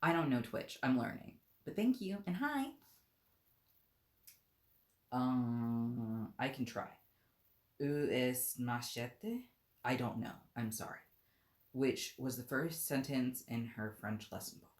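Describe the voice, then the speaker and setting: A woman reading a children's book aloud on a live stream, with unhurried, self-deprecating asides to chat. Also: extremely low pitch, animated. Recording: roomy echo.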